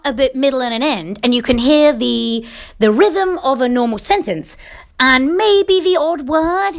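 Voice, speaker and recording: Lively rambling English woman ranting. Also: fairly high pitch. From England. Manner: rambling, self-interrupting, sweary and sarcastic. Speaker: podcast host. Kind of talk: solo podcast rant.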